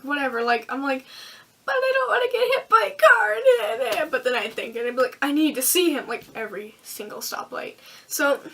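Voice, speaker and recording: A teenage girl tells a story to her camera in a casual, animated vlog, giggling and rushing through it with plenty of fillers. Her voice is high and bright. She sits a bit back from the microphone. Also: recorded from a distance. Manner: animated, giggly, breathless retelling with many fillers. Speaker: vlogger.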